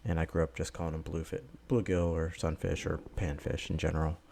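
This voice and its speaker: A man with a very low voice and a gravelly, fried edge talks his viewers through his footage in a loose, easygoing voice-over. He rambles a little and drops in plenty of "uh"s and "um"s as he goes. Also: fairly quick. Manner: rambling, relaxed, many filler words. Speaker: vlogger. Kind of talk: casual voice-over narration.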